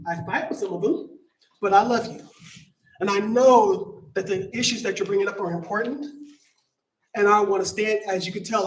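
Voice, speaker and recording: A man in his fifties from San Francisco, his voice high for a man, speaks at a public meeting in an emphatic, repetitive way and singles people out directly. He mumbles at times. He is heard from a distance in an echoey hall with faint background noise. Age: 50s. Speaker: public commenter. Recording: echoey meeting room from far off.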